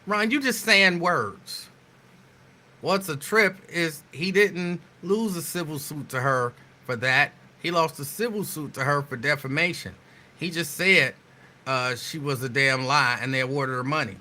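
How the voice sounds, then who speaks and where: Here is a man hosting a talk show in a loose, sarcastic monologue. His voice sits a little high and rings very bright and sharp. He keeps an animated, mocking rhythm as he picks at each point. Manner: sarcastic, animated, riffing on the news. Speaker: show host.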